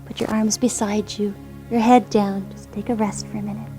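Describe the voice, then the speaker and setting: A woman instructor gently guiding children through a yoga class with encouraging, sing-song cues. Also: medium pitch, level tone, moderate pace, soft background music.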